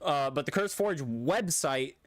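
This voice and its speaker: A man's voice: on the high side, moderate pace, no room sound. A man live-streaming a game in casual chat, rambling and correcting himself as he answers his chat. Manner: rambling, self-correcting, talks back to chat.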